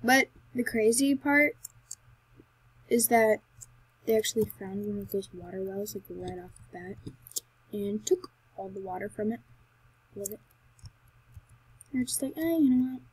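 A woman giving chatty commentary as she plays a game, excitable and talking to herself, with sudden loud, high outbursts. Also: unhurried, long pauses, husky, no room sound, rough recording. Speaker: Minecraft let's player. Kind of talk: gameplay commentary.

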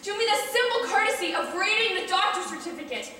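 A teenage actress playing a frantic, pushy woman who pesters a bank official, with shrill, insistent, melodramatic delivery in a live school stage play. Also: quick pace, sharp tone, slight background noise. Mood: indignant. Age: teens. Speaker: high school stage actor. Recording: echoey hall from far off.

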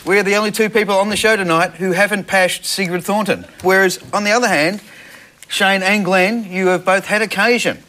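A man's voice: high-pitched, fairly even intonation, a little fast, pushed and bright. A man hosting a comedy panel, dry and teasing as he introduces a clip. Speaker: host. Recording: noisy TV studio audio.

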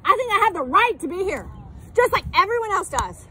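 A woman yelling defiantly at a police officer in a public park, her voice growing sore from shouting. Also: very high voice, sing-song, brisk, a little hiss or hum. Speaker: mother filming a police encounter. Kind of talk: heated confrontation.

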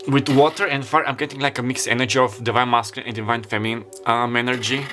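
A man doing a casual tarot card reading to camera. He talks in a halting way, with many fillers and self-corrections. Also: mid-range voice, fairly even intonation, pushed and bright, soft background music. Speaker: tarot reader. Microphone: camera mic.

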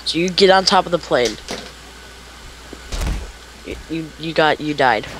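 A woman's voice: deep voice, animated, unhurried, noisy background. A woman playing a horror game with a friend over voice chat, panicky and repeating exclamations. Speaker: gaming co-player. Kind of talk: casual gaming voice chat.

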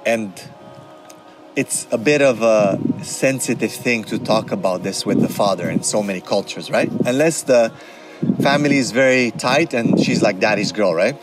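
A man's voice: fairly low pitch, moderate pace, loud music behind the voice. A man and regular speaker giving a conversational religious talk and advice, often checking in with "right?" and mixing in Arabic terms. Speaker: Islamic speaker and counselor.

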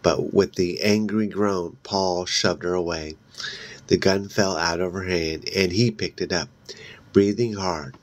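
A deep-voiced man reads a horror novel aloud casually, going slowly and slipping and restarting along the way. The recording has no echo.

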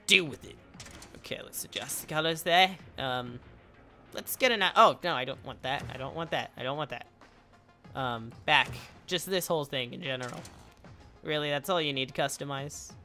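Guy doing let's play commentary, kinda high voice, super bright and sharp, yelps a lot. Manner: excitable, yelps and cheers, chatty self-talk. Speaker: gaming channel host.

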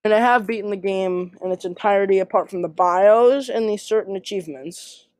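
A woman's voice: mid-range voice, brisk, a little mellow, no echo. A woman giving casual gameplay commentary as a YouTuber, rambling and self-deprecating with many fillers. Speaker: gaming YouTuber.

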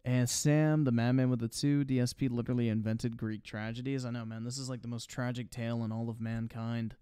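Sarcastic, smooth-voiced male streamer. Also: mid-range voice, steady tone, brisk, warm tone. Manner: mocking, sarcastic, profane. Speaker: streamer reacting to clips. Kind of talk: casual livestream commentary.

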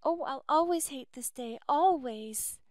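A woman's voice: high voice, animated, a little slow, no room sound, pitched above the performer's own voice. A woman voicing a distraught young girl who pleads with emotion.

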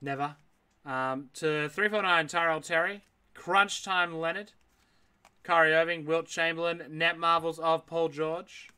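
A man with a bright, forceful voice running a live card break. He reads out names one after another and answers viewers' chat as he goes, in a slightly high register. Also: steady tone, measured pace, clean tone. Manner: rattles off names, reacts aloud, chats with viewers. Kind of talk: live card-opening stream.

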